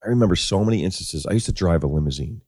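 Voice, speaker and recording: A man's voice: deep voice, lively intonation, racing, mellow, no room sound, clean studio sound. A man who is a guest on a podcast, chatting casually and chiming in with profane jokes. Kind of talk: casual chat.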